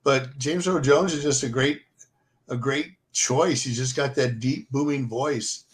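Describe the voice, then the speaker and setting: An older man chats casually in an ordinary middle pitch. He rambles through his stories with lots of fillers and restarts. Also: measured pace. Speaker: podcast co-host. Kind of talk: casual chat.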